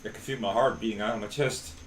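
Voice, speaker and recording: A young man streamer reading a visual novel aloud on a live stream, relaxed and cracking jokes in between. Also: lowish voice, fast.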